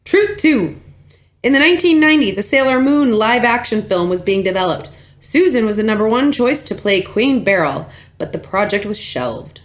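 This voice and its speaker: A woman's voice: on the high side, animated, normal speed. A woman co-hosting a podcast in casual chat, teasing and giggly. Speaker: podcast co-host.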